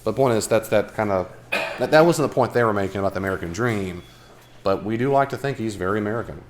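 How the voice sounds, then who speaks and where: A man leading a casual Bible study group, chatty and animated, talking with asides to the people in the room. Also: fairly low pitch, fast talker, noisy background. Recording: live room recording, faint background.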